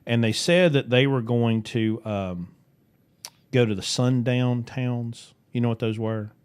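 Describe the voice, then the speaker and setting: A man's voice: mid-range voice, measured pace, a little mellow, smooth. A man with a West Virginian accent, co-hosting a podcast in casual chat, telling rambling, jokey stories in a folksy way. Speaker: podcast co-host.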